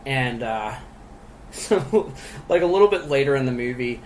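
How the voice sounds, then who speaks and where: A man's voice: medium pitch, expressive, a little slow, darkish tone, a little hiss or hum, rough recording. A man co-hosting a casual podcast chat about a movie, rambling with lots of fillers and frequent laughs. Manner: rambling, laughs often, many fillers and restarts. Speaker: podcast co-host reviewing a movie.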